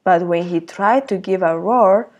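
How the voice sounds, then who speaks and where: A woman teaching young children at circle time, reading a picture book aloud in an expressive way. She often stops to exclaim and to ask the children questions. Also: on the low side, unhurried, lo-fi sound. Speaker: early years teacher.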